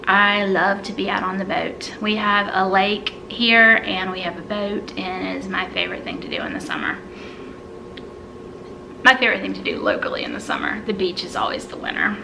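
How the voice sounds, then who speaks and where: A woman's voice: mid-range voice, background noise. A woman in her thirties from South Carolina with a Southern US accent, chatting through an accent tag video and repeating words aloud. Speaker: vlogger. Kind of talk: casual accent tag vlog.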